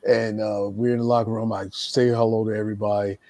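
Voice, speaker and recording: A man's voice: lowish voice, fast talker, no echo. A veteran wrestler, a man, telling a backstage story in a casual, profane style. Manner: animated, profane, repeats words.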